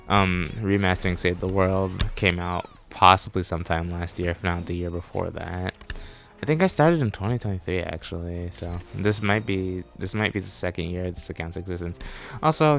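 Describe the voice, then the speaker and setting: A man's voice: low voice, gravelly. A man giving a rambling, self-correcting voice-over commentary on his gameplay, speaking offhand as a gaming channel host. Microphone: desktop mic.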